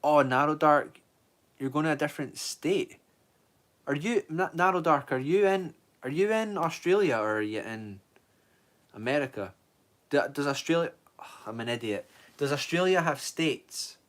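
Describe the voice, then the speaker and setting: A man's voice: fairly high pitch, expressive, normal speed. A Scottish man in his twenties, chatting casually on a livestream and rambling as he answers viewer comments. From Scotland. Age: 20s. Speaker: streamer.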